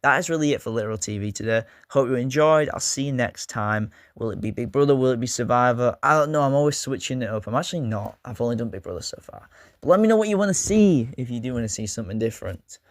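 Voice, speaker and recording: A man's voice: medium pitch, animated, fast, dry recording. A man hosting a casual vlog, talking in a rambling, joking way with self-mocking asides. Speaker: YouTube host.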